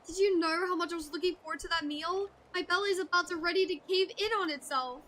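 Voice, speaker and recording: A woman's voice: very high-pitched, fast, fairly bright tone, a little hiss or hum. A woman reading an indignant young female rogue's game dialogue aloud. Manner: indignant, exclamatory.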